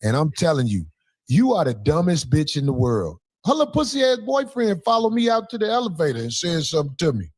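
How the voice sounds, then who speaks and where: A man giving heated casual commentary, ranting and mocking in a profane, animated way. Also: a little high, brisk.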